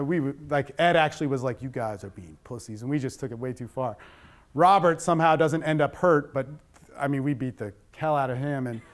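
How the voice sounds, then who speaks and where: A middle-aged man giving a talk on addiction with slides, speaking bluntly and conversationally with plenty of swearing. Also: on the high side.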